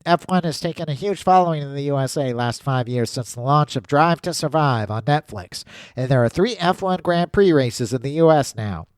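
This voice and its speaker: A man's voice: a little high, animated, moderate pace, few pauses, dry recording, pitched above the performer's own voice, lightly acted. A man doing a clumsy mock Boston accent. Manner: clumsy, self-mocking attempt at an accent.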